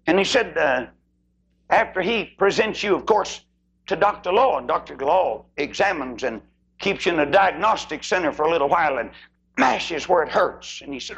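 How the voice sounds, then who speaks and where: Preacher, male, gravelly and husky, higher-pitched than most men, impassioned sermon delivery with big pitch swings. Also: animated, normal speed, a bit bright, highs cut off. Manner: impassioned, sweeping pitch swings, acts out voices in stories.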